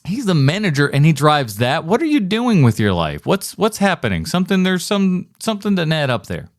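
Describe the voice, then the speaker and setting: A man's voice: fairly high pitch, very animated, a little fast, no room sound, clean studio sound. A man co-hosting a movie podcast, talking casually with blunt, sarcastic jokes and the odd curse word. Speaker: podcast co-host. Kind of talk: casual movie review chat.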